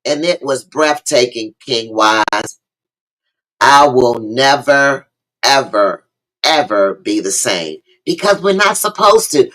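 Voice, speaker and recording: A woman with hosts a lively livestream talk show. Her voice is bright and forward. She preaches more than she chats, hails viewers by name and says key lines over again. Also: a bass voice, takes it slowly, low-quality recording. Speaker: host of a live online talk show.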